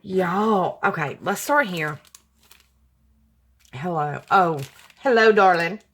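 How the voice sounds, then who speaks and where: Woman vlogger, slow and lowish, gushing with heartfelt thanks. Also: animated, a bit bright. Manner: gushing, apologetic, emotional, sighs often. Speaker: crafting channel host. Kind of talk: casual chat to camera. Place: home room with hardwood floor.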